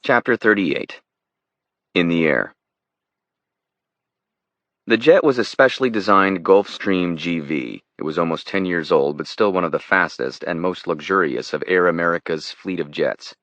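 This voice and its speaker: Male audiobook narrator, very low voice, steady and measured; dry, dull recording. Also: no room sound. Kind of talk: scripted thriller narration.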